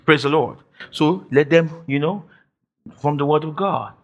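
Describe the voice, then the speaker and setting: A man preaching a sermon as pastor, emphatic, repeating phrases and shouting declarations. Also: a little high, a little slow, highs cut off. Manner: quotes imagined listeners in mock voices.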